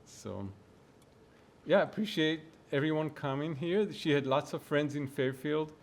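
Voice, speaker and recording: A man speaking off the cuff at his mother's memorial, halting and hesitant. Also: a little high. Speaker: son of the deceased, eulogy speaker. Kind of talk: unprepared memorial remarks.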